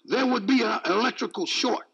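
A man's voice: very high-pitched, normal speed, gravelly, a bit bright, a little hiss or hum, rough recording. A male preacher giving an emphatic, repetitive sermon, mixing in jokes.

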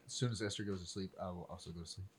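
A man's voice: low voice, steady tone, rapid-fire. A man playing a tabletop game, making wry, offhand remarks. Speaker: player. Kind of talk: casual play at a tabletop game. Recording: clear background noise.

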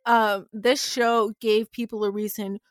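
A woman's voice: mid-range voice, level tone, measured pace, no room sound, clean studio sound. A woman co-hosting a podcast, talking earnestly and emphatically in casual chat, with many fillers. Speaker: podcast co-host.

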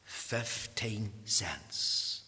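A man preaching a sermon, dropping to hushed whispers and then rising to loud, fervent emphasis. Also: fairly low pitch, animated, drawn-out words. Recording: long reverb of a large hall.

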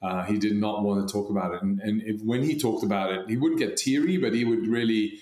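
A man's voice: lowish voice, a little fast, darkish tone, echoey room. A man in casual podcast chat, rambling with many fillers and restarts. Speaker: podcast co-host.

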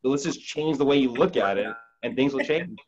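A man's voice: medium pitch, lively intonation, fairly quick, a little mellow, highs cut off, slight background noise. A man speaking as a podcast guest in casual chat, encouraging and coaching, often repeating words as he starts. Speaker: podcast guest, real estate agent.

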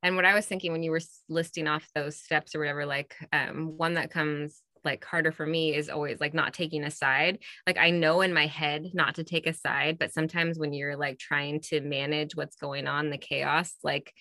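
A woman in her thirties co-hosting a parenting podcast, telling stories in a lively way and filling her talk with "like" and "you know". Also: sits low, normal speed, few pauses, no echo. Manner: animated storytelling, lots of "like" and "you know". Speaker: podcast co-host. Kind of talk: casual chat.

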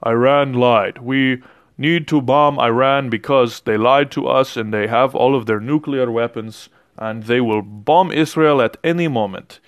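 A man's voice: mid-range voice, fairly bright tone, smooth, voice pushed down, natural voice. Man doing a hokey-accented alarmist leader. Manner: hokey put-on foreign accent. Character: alarmist middle-aged male foreign leader pleading for war.

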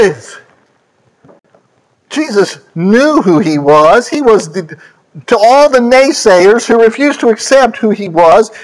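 A man preaching a sermon, quoting scripture and correcting himself as he goes, with emphatic swoops between loud high lines and quiet low ones. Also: rough recording. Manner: scripture quotes and self-corrections.

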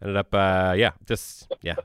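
Deep, smooth, halting man. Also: fairly even intonation, fairly bright tone, no room sound, studio quality. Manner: halting, many restarts and fillers. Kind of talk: casual chat.

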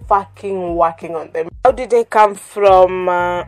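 Slow, candid woman podcaster with faint music. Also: lowish voice. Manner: candid, emotional, swears and laughs often, repeats words. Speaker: podcast host. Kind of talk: solo podcast monologue.

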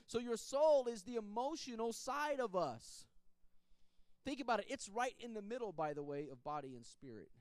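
A man's voice: high voice, a little mellow, no echo. A man, a pastor, teaching a Bible study in a candid, personal, conversational way, often restarting his sentences and chuckling.

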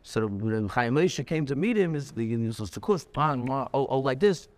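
A man teaching a lively lecture, telling stories with emphatic, animated delivery and many repeats. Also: mid-range voice, normal speed, in a large hall. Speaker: Torah teacher.

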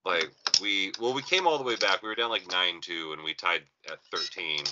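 A man chatting casually on a video call, joking and swearing, with an animated way of talking. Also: sits low, normal speed, muffled recording, background noise. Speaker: co-host, baseball coach. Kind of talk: casual chat.

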